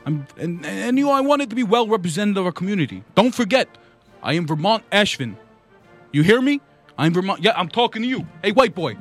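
A man puts on a cranky older politician from Vermont who rants and stammers, repeating himself as he goes. The voice sits high and strained, with faint music behind it. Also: big pitch swings, fairly quick, fairly bright tone, full character voice. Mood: ranting. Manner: ranting, blustery, repetitive stammering. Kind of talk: comedy story bit, Bernie Sanders impression.

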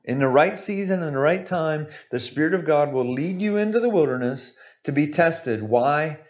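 Male preacher, sermon, fairly high voice, emphatic, repetitive, asks "right?". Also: expressive, moderate pace. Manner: emphatic, repeats points, asks "right?" often.

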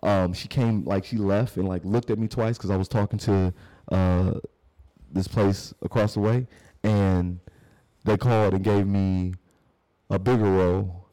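A man's voice: deep voice, steady tone, unhurried, dark tone. A young man co-hosting a podcast, telling a story in loose, slangy casual chat. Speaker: podcast co-host.

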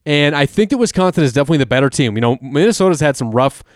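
Smooth-voiced man making football picks. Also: fairly high pitch, lively intonation, rapid-fire, no room sound, studio quality. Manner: chatty, jokey, thinks aloud with fillers. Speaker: podcast host making college football picks. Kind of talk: casual sports betting chat.

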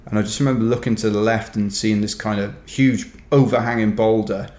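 A man's voice: on the low side, fairly even intonation, brisk, a little mellow. A Welsh man telling a rambling, wry story in casual chat, dotted with "kind of" and "you know". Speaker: ultrarunner guest. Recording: roomy echo.

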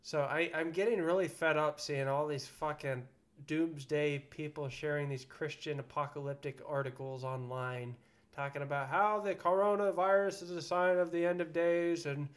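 A man's voice: a little high, normal speed. A man co-hosting a podcast in casual chat, frank and profane, prone to ranting. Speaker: podcast co-host.

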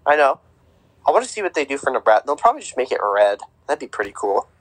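A man's voice: medium pitch, very animated, fast, low-quality recording. A man co-hosting a podcast, chatting casually about sports with lots of fillers and restarts. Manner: rambling, with many fillers and restarts. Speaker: podcast co-host.

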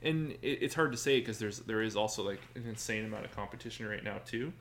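A man's voice: on the low side, fast talker, a bit bright. A man co-hosting a podcast, chatting in an easygoing way with lots of fillers. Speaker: podcast co-host. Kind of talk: casual chat about anime. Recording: faint background noise.

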